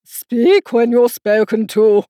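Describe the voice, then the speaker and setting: A woman doing a sharp, commanding storybook queen. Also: on the high side, sing-song, unhurried, no echo, studio quality. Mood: stern. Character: stern imperious adult female queen. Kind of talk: audiobook character voice.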